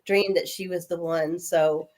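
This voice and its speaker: Animated woman telling stories with a cold. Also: on the low side, a little slow. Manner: animated, acts out voices in her anecdotes. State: coming down with a cold. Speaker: guest. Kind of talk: casual storytelling.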